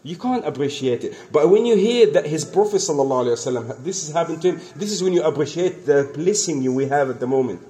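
Earnest man preaching, mellow voice. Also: fairly high pitch, expressive, fast talker, few pauses. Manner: earnest, repetitive, acts out the dialogue of the story. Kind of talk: sermon storytelling.

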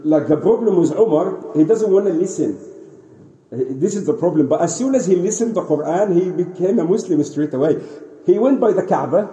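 Mellow-voiced man telling a religious story. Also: high voice. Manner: animated retelling, frequent restarts, sprinkled Arabic phrases. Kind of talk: informal religious lesson, storytelling. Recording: roomy echo, faint ambient noise.

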